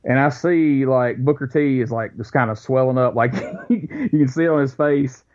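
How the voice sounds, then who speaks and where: Male podcast co-host, animated storyteller, average pitch, dull audio. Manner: animated storyteller, quick bursts, acts out quotes. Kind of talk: casual storytelling chat.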